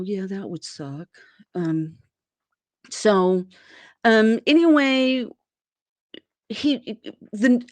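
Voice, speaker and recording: A woman's voice: on the low side, no echo. A woman from Arizona, a guest in an interview, telling a personal story and acting out what people said in a raised voice. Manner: animated, acts out quoted people in a raised voice.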